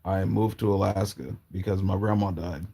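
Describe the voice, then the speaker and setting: A low, gravelly man spinning halting, slangy personal stories. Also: fairly even intonation, warm tone. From Portland, Oregon, US. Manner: rambling, halting, slangy, often trailing off. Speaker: storyteller. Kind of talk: casual storytelling.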